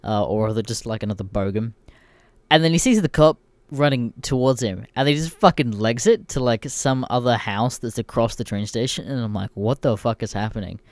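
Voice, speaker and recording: A man's voice: medium pitch, animated, normal speed, a little mellow, dry recording. Foul-mouthed Australian guy ranting. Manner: swears constantly, blunt and irreverent. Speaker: podcast host. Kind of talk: casual ranting storytelling.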